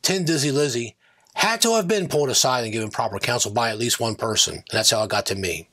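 A man's voice: medium pitch, animated, fast, a bit bright, slightly rough. A man hosting his own political commentary channel, talking in a combative, digressive rant that keeps circling back on itself. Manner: combative, digressive, self-correcting.

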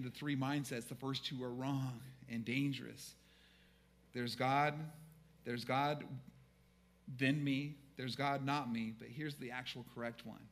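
A man with a fairly high voice preaches to his congregation in an easy, conversational tone. He cracks jokes and asks the crowd to say lines back to him. For the big points he slows right down and lowers his voice almost to a hush. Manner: conversational preaching with jokes and audience call-and-response; slows down and drops to a hush for emphasis. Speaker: pastor. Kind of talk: sermon.

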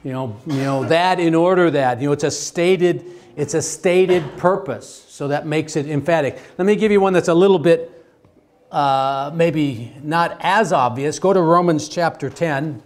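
A man teaching a theology class, talking in a halting way with many restarts and fillers and asking the class questions. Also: a little high. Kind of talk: classroom lecture.

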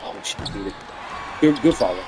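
A man casually commenting on his basketball video game, excitable and swearing, cheering his teammates on and laughing often. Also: lowish voice, fairly quick, a crowd in the background, background noise. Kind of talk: casual live gameplay commentary.

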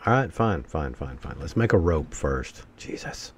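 Man, let's-play commentary, low voice, lively pitch, talks to himself, cursing outbursts. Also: a little slow, slight background noise. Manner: talks to himself, bursts into exasperated curses.

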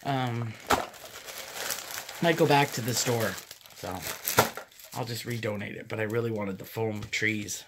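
A woman's voice: rumbling low, fairly even intonation, unhurried, long pauses, heavy background noise. A woman chatting casually through a thrift haul, rambling into stories and laughing often. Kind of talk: casual haul vlog chat.

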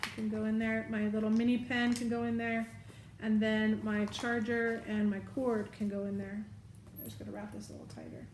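A woman with a slightly high voice talks her way through packing a bag, chatty and thinking aloud as she goes. The room sounds roomy and echoey, with a faint hiss behind her. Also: level tone, normal speed. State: has the hiccups. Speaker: vlogger. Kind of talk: casual show-and-tell.

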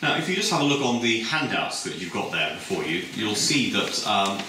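Bright-toned man lecturing in an echoey hall. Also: fairly low pitch, very animated, a little hiss or hum. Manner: discursive, measured, many filled pauses. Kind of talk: public lecture. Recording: echoey hall from a distant mic.

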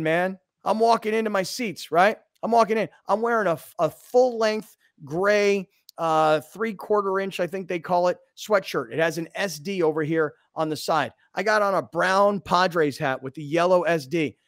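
A man hosting a sports talk radio show, telling a story in an animated, excitable way. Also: high-pitched, moderate pace, no echo, studio quality.

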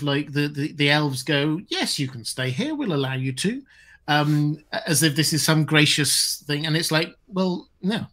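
A man hosting a casual livestream, talking in a thoughtful way, with halting restarts. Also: fairly high pitch, fairly bright tone. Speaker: host.

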